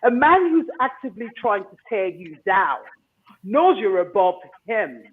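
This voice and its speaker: Man, high lively voice, emphatic advice talk, keeps asking okay, tinny phone line. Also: a little slow. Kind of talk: animated advice monologue.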